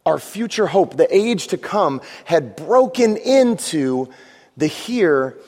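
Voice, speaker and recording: A man's voice: a little high, animated, takes it slowly, a little mellow, long reverb tail. A man preaching a sermon to a congregation, conversational and joking, asking the room for amens. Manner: conversational preaching with jokes and audience prompts. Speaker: pastor.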